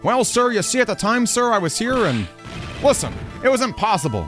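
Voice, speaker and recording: A man voicing a jittery, loud male police bailiff who stammers and keeps saying sir. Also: high voice, very animated, fairly quick, faint music behind. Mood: nervous blustering.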